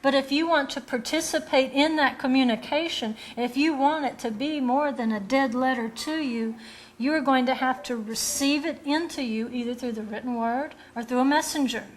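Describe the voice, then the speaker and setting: A woman Bible teacher preaches a sermon earnestly and directly, posing rhetorical questions and acting out the quoted voices of children and rebels. Her voice is high and her speed normal, with a little hiss or hum in the audio.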